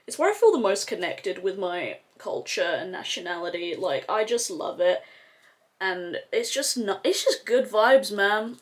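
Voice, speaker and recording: A woman talks through her makeup routine in a loose, rambling chat. Her voice swings up and down with a lot of lively movement while her pitch sits in a middle range. She swears easily and leans on filler words as she goes. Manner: chatty, swears freely, lots of filler "like". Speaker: makeup vlogger.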